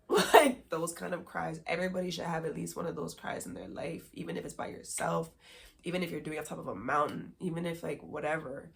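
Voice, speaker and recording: A woman podcast host speaking candidly in a lowish voice with a gravelly edge. She rambles, leans on filler words and breaks into nervous laughs. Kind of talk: candid personal storytelling.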